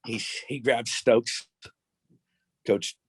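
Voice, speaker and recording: A man's voice: mid-range voice, steady tone, drawn-out words, slightly rough, dry recording. A man as a podcast guest, telling stories in a blunt, profane, boastful way. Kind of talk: casual storytelling interview.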